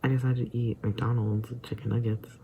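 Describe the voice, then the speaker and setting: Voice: medium pitch, little pitch movement, normal speed, mellow, a little hiss or hum, poor audio. A young adult vlogger who feels sick, rambling hesitantly and often slipping into a whisper. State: feeling sick and tired. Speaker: daily vlogger. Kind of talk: rambling personal vlog.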